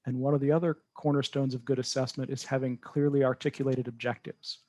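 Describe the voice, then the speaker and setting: Brief: male researcher guest, measured explainer, mid pitch, dry close sound. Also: little pitch movement, a little mellow, no room sound. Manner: measured, explanatory, self-correcting. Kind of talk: podcast interview answers.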